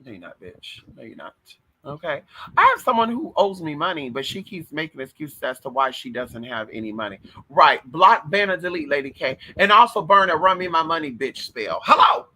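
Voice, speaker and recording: A man hosting a casual spiritual advice monologue, talking in a sassy, profane, animated way with sudden shouted bursts. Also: fairly high pitch, a little fast, low-quality recording. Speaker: host.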